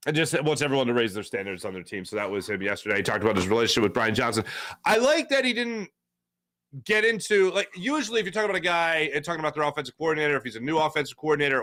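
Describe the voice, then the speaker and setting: A man's voice: fairly high pitch, a bit bright, no room sound, clean studio sound. A man hosting a sports talk show, rambling casually and animatedly with lots of fillers and restarts. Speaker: sports radio host.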